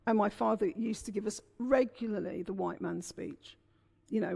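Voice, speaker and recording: A woman's voice: medium pitch, moderate pace, creaky, breathy edge. A middle-aged woman from England, an author being interviewed on a festival stage, telling family stories candidly. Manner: candid storyteller, animated. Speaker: author guest. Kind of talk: conversational interview.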